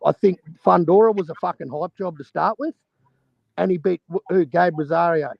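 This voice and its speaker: A man's voice: high voice, moderate pace, creaky, no room sound. A man with an Australian accent, talking in a blunt, profane, insistent way during a heated casual debate on an online call. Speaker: panel guest, boxing fan. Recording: muffled lo-fi call audio.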